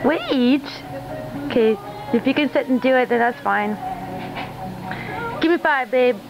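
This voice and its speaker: A woman's voice: high-pitched, measured pace, gravelly, highs cut off, music in the background. A woman filming a casual vlog in a hotel room, talking in a cooing, doting way to her cat and laughing often. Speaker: vlogger and cat owner. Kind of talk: casual home-video vlog.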